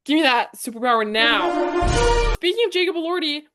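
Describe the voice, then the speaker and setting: A young woman co-hosting a podcast, chatting casually and rambling quickly through her stories. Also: sits high, big pitch swings, over loud music. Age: young adult. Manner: fast, rambling storytelling. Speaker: podcast co-host. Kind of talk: casual chat.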